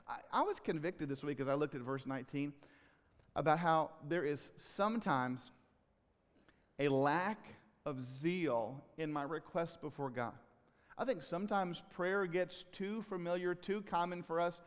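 A male pastor delivers a sermon in a slightly high voice. He is earnest, rising loud on key phrases and dropping low in between. His voice rings with the long reverb of a big hall. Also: moderate pace.

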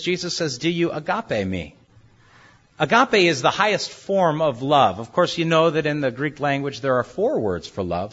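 A man's voice: a bit bright, husky, lo-fi sound. A man preaching a sermon, explaining scripture and acting out the quoted speakers in a shifting voice. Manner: expository, acts out the quoted speakers with shifting pitch and volume. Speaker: pastor.

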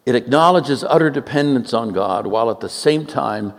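A man in his seventies from Oakland, California, preaching a sermon with humorous stories, joking and animated, with quick asides. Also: medium pitch, vocal fry, big-room sound. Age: 70s.

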